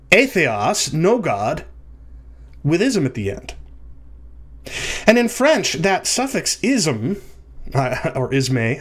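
A man giving an explanatory commentary video, animated, slowing down to spell out key terms and swooping his voice up for emphasis. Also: on the high side.

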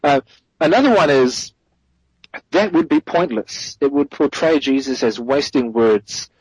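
A man's voice: medium pitch, unhurried, a little mellow, husky, no room sound, rough recording. A man as a guest theologian, giving a thoughtful explanatory answer in an interview, correcting himself as he goes and stressing key points.

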